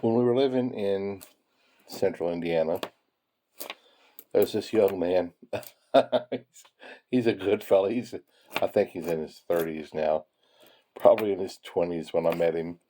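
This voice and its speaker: Deep-voiced man chuckling through stories. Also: unhurried, long pauses, mellow, slight background noise. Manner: chuckling, rambling anecdotes. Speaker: penny hoarding hobbyist. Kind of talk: casual storytelling while sorting coins.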